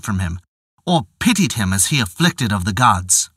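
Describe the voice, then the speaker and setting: Bright-voiced male storyteller, lively and expressive. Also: on the low side, breathy edge, dry recording, clean studio sound. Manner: measured, old-fashioned storytelling. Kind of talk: scripted narration of a folk tale.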